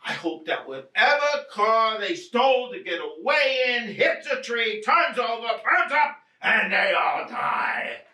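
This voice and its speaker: An actor playing an irritable, nervous husband after a burglary, blustering, swearing and ranting in a stage play. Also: male voice, extremely high pitch, very animated, slow, hardly any pauses, bright, forceful tone, full character voice. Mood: agitated. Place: theatre stage. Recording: roomy stage sound from a distant mic.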